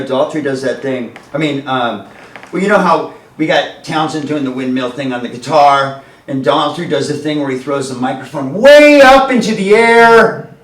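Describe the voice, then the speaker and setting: A man's voice: mid-range voice, a little hiss or hum. An older man hosting a comedy show, chatting with the crowd and introducing comics. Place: comedy stage. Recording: roomy room from far off.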